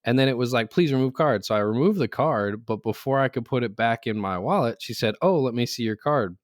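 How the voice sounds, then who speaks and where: With a mid-range, animated voice moving a little fast, a man co-hosting a casual podcast tells anecdotes, laughing through them and acting out quoted voices. The recording is dry and studio-clean.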